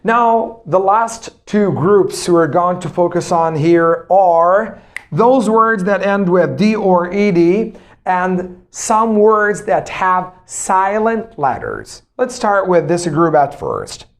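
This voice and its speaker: Male English teacher, slow and repetitive pronunciation drills. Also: high-pitched, expressive. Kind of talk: pronunciation lesson.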